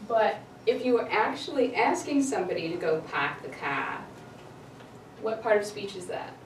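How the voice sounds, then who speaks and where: A woman's voice: mid-range voice, sing-song, moderate pace. A woman teaching an English class, putting short questions to her students and laughing often. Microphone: camera far from the speaker. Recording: echoey noisy classroom from far off.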